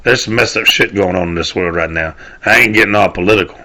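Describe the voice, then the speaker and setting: Speaking fast with a sharp tone and a low voice, a man from the Southern United States rants solo on his podcast. He rambles and swears, often trailing off and restarting.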